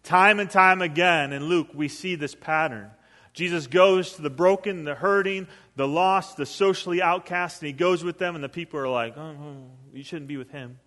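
A middle-aged pastor, preaching a sermon with lively storytelling and sudden swings between loud and soft. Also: male voice, high-pitched, normal speed. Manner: storytelling with acted quotes, animated swings in volume. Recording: long reverb of a hall.

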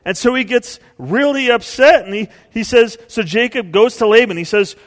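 A male pastor preaching a sermon, telling stories and acting out quotes with big swings in pitch and volume. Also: normal speed, few pauses, big-room sound.

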